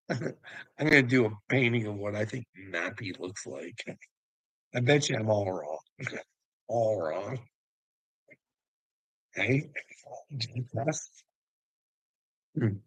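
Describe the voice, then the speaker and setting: A man's voice: fairly low pitch, expressive, slow, long pauses, a bit bright, breathy edge, dry recording, rough recording. A man rambling to viewers, laughing constantly, swearing and taunting someone.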